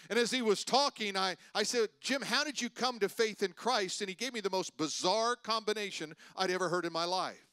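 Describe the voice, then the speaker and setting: A man pastor preaching a sermon, telling stories and swinging between loud preaching and hushed asides. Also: high voice, brisk, few pauses, clear, resonant tone, dry recording. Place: church sanctuary.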